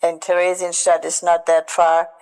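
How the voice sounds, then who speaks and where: An older woman tells her own survival story in an earnest, halting way, restarting phrases and turning to prayer. Her voice is gravelly with fry at the ends of phrases. It is an archival recording with a long hall reverb around her. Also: fairly low pitch, completely flat delivery, a little mellow. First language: German. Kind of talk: recounted personal testimony.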